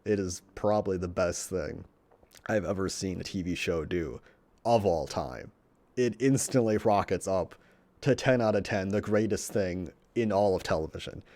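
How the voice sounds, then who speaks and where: A man's voice: deep voice, normal speed, darkish tone, no echo. A young man talks in a loose, casual monologue, reviewing a show he loves. He swears often, trips over his words, and grows more and more worked up as he gushes.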